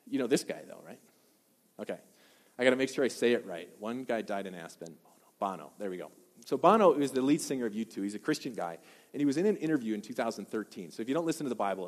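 A pastor from Wisconsin giving a sermon, an animated storyteller who keeps asking the crowd questions. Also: male voice, medium pitch, big-room sound.

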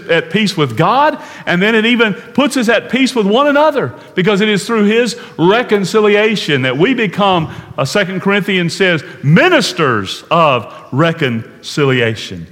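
A man preaching a sermon in an earnest way, slowing down to stress key words and dropping to a hush at times. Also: high-pitched, in a large hall. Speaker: pastor.

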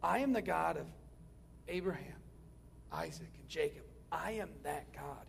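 High gravelly-voiced male preacher. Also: animated, a little slow, slight background noise. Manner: dynamic, swings from loud emphasis to hushed near-whispers. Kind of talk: sermon.

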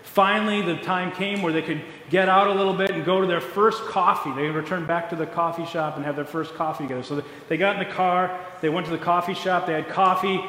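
A male pastor gives a sermon in a casual, joking way, his voice fairly high. It echoes through a large hall with a long reverb tail. Faint noise sits underneath. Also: fairly even intonation, fairly quick, hardly any pauses, pushed and bright.

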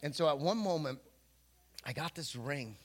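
Joking pastor preaching with a higher voice. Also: male voice, moderate pace, slight background noise. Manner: jokey, animated, acts out quotes in voices. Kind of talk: humorous sermon storytelling. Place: church before a congregation.

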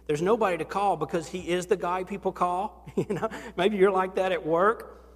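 Man, pastor, sermon, slightly high voice, chatty delivery with restarts, long hall reverb. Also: steady tone, normal speed. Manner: conversational preaching with acted-out quotes and repeated restarts.

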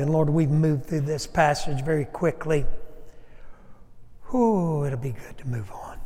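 A man's voice: on the high side, a little slow, pauses often, darkish tone, long reverb tail. A man who is a pastor, preaching a sermon and leading an altar call, speaking earnestly and addressing his congregation directly. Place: church sanctuary.

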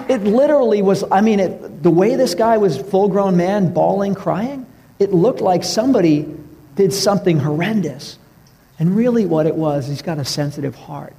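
A man preaching a sermon, telling stories in an earnest way and dropping his voice low for the tender parts. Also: normal speed, gravelly, husky. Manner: storytelling, earnest, drops to a hush for tender moments. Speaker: pastor. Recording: reverberant hall.

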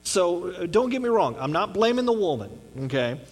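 A man's voice: high voice, big pitch swings, normal speed. A man giving a conversational sermon on a Bible passage in an earnest way, often checking in with his listeners. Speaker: pastor.

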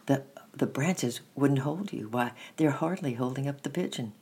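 A man reading as an anxious gentle boy. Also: medium pitch, a little slow, breathy edge. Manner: earnest, stammering slightly. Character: anxious gentle young boy, kind and caring.

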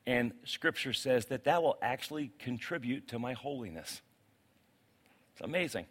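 A male pastor preaching a sermon to a congregation. He is animated, swinging between loud outbursts and quiet, pleading asides. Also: medium pitch, moderate pace. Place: church sanctuary with congregation.

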